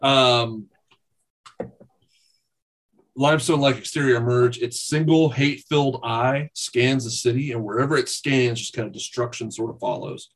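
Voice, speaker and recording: A man's voice: mid-range voice, steady tone, normal speed. A man narrating as game master of a tabletop game, in a casual, fillered way with the odd swear word.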